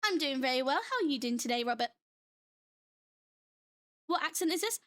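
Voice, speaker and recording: Young woman from Britain, high bright voice, blended British-American-Australian accent, bubbly and giggly, casual stream chat. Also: lively intonation, moderate pace. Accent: mixed British, American and Australian. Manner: giggly and bubbly, laughs often. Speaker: livestreamer.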